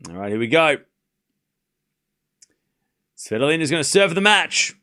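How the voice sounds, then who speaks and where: A man hosting a live tennis watchalong, giving informal play-by-play that rises to excited shouts on big points. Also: fairly high pitch, measured pace. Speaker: host calling a live watchalong stream.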